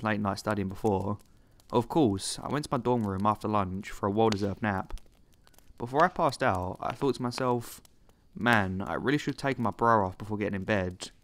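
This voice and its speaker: Man, low voice, calm steady narrator for a horror story compilation. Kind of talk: scripted narration.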